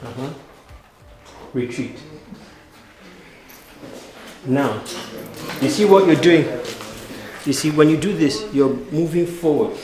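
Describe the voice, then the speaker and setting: Commanding acting coach, echoey room. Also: male voice, a little high, expressive, slow, long pauses, crowd noise. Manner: commanding, counts out moves and shouts cues. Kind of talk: coaching students through stage combat drills. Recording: echoey room with background noise.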